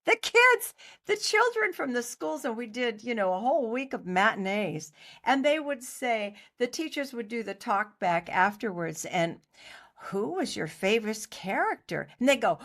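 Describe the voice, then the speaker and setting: A middle-aged woman, a guest on an interview show, telling a story in a lively, chatty way and acting out other people's lines. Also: medium pitch, normal speed. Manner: animated anecdote teller, acts out other people's lines. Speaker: interview guest, costumer and actor.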